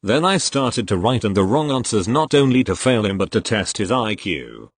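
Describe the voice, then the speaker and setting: A man with a somewhat low voice reads posts aloud as scripted narration. His delivery stays steady and even from line to line. The sound is dry, with no room around it. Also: moderate pace, slightly rough, dry recording. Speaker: reader of online posts.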